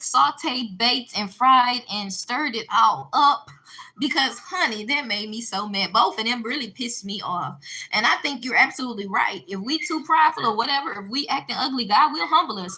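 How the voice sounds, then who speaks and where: A woman talks straight to her audience in a casual, emphatic rant, pressing her points with a preacher's insistence. Her voice sits a little high and rings sharp and bright. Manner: emphatic and preachy, with religious asides. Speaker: online commentator answering a viewer. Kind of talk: casual ranting monologue.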